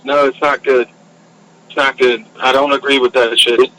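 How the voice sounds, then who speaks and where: A man's voice: mid-range voice, little pitch movement, normal speed, sharp tone, a little hiss or hum, low-quality recording. A man in a casual podcast chat, talking in a heated, profane, emphatic way.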